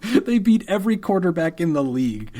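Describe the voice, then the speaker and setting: A man's voice: high voice, brisk, slight background noise. Joking man hosting a podcast. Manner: joking, deadpan mock apologies; laughs often. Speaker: podcast co-host. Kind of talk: casual chat.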